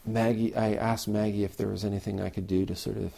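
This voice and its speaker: A man's voice: fairly low pitch, level tone, fast, creaky, dark tone. A man giving a reflective dharma talk as a Zen teacher, repeating phrases and sometimes chanting lines aloud. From Canada.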